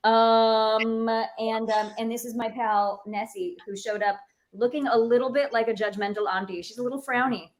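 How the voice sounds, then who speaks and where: A woman's voice: a little high, steady tone, normal speed, slight background noise. Playful jet-lagged woman. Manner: playful, self-mocking. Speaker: voice actor. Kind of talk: casual livestream chat.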